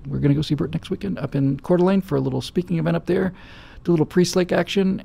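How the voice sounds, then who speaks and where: Gravelly, husky male talk host. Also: mid-range voice, warm tone. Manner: rambling and anecdotal with frequent fillers. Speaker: live show host. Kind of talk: casual storytelling chat.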